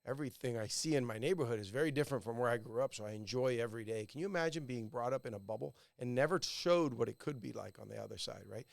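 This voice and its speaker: Gravelly-voiced, easygoing male podcast host. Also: mid-range voice, fast, hardly any pauses, no room sound, studio quality. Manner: easygoing, affirming listener who asks open questions. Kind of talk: casual podcast interview.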